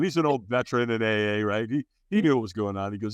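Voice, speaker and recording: Man, 60s, interview guest; earnest storyteller, middle pitch, dry close sound. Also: animated, fast talker, few pauses, dry recording. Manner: frank, earnest, full of fillers and restarts, acts out quotes. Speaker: podcast guest. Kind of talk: candid personal storytelling in an interview.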